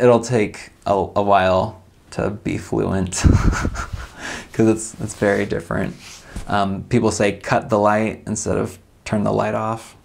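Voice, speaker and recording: Young man, lowish gravelly voice, relaxed rambling storyteller. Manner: relaxed, rambling with likes and restarts. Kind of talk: casual storytelling.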